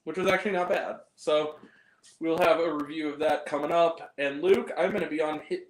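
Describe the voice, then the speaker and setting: A man's voice: a little high, fairly even intonation, fairly quick. Rambling man in an echoey room. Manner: rambling, laughing, crude jokes. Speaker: movie review host. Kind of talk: casual chat with a guest.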